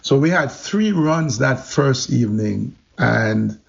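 A man recounts his story with animated energy and a gravelly edge to his voice, and it comes through a little dull and muffled. His pitch sits in an ordinary middle range. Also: slow pace. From Jamaica. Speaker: interview guest. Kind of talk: storytelling interview.

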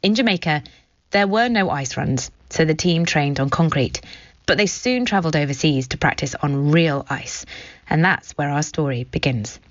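Low-voiced woman host reading an intro, measured, dry slightly dull sound. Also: no room sound. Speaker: radio presenter. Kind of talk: scripted narration and interviewing.

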